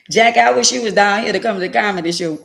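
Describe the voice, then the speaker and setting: Woman, middle-aged, gravelly, casual livestream chat, heartfelt, preachy. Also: mid-range voice, fairly bright tone. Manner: heartfelt, preachy, talks to viewers by name. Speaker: livestream host.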